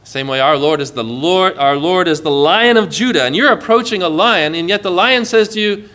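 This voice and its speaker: A man preaching a sermon in an earnest way, often dropping soft and low as he quotes. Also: expressive, normal speed, few pauses.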